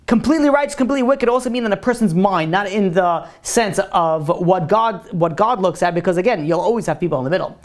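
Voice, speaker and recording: A man's voice: high-pitched, fast talker, hardly any pauses. A man who is a rabbi, giving a religious class in a loose, conversational way, answering questions and telling a story.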